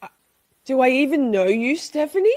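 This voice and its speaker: Mock-dramatic woman with lively pitch. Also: unhurried, dry recording. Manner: mock-dramatic, exaggerated outrage. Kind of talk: comedic rant clip.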